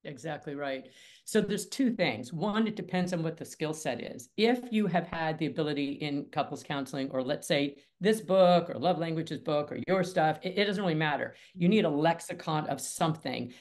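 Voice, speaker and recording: A woman's voice: low voice, normal speed, hardly any pauses. A woman who is a mediator, talking as a guest in a casual interview in an emphatic, punchy way. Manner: emphatic, punchy, lively storytelling.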